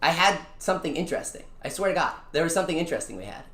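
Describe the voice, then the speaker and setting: Excitable young-adult streamer, lively and bright. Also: medium pitch, very fast. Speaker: VTuber streamer. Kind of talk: casual live-stream chat over a mobile gacha game. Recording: echoey room.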